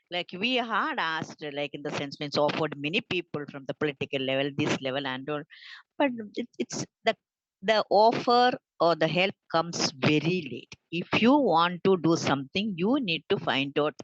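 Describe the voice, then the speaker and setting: A woman speaking on a video call panel in an earnest, halting way with many fillers. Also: sits low, expressive, dry recording. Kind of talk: unscripted panel talk. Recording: dull lo-fi video call audio.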